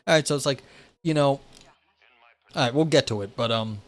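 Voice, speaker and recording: A man's voice: medium pitch, brisk, pauses often. A man hosting a livestream, reading a philosophy paper aloud and then explaining it in loose, chatty asides to his viewers. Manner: chats with live viewers between passages. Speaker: livestream host.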